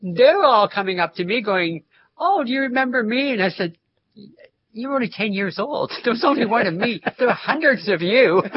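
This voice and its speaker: An older man who used to teach music tells stories in an interview, chuckling often as he goes. His voice is fairly high and gravelly, captured in a dull lo-fi recording.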